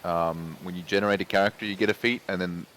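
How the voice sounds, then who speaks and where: A man's voice: sits low, fairly even intonation, fast, fairly bright tone, slight background noise, poor audio. A man playing a tabletop game, casually unsure as he checks the rulebook. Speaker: player.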